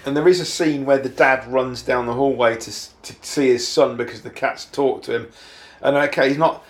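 A man's voice: medium pitch, steady tone, normal speed. Dry-joking man in an echoey room. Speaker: podcast co-host. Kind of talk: casual film review chat.

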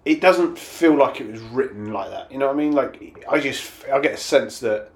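A man co-hosting a casual film review podcast in a chatty way, often agreeing with a quick "yeah.". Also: mid-range voice, lively intonation. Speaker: podcast co-host.

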